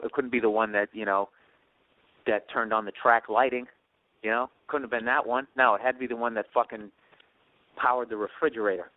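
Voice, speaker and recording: A man's voice: fairly low pitch, no room sound, narrow, tinny audio. A man in his late thirties hosting a podcast, telling a rambling, profane, self-deprecating story. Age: 30s. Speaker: podcast host.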